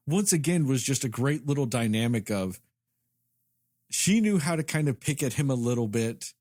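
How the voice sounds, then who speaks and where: A man co-hosting a film podcast, talking in an animated way with lots of fillers. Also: medium pitch, no room sound, studio quality. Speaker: podcast co-host. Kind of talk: casual film review chat.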